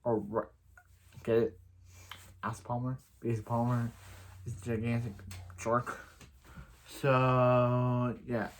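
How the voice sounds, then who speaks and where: A person giving a casual, rambling recap of a TV episode, with many restarts and fillers. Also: mid-range voice. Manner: acts out quoted lines in other voices. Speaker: show reviewer.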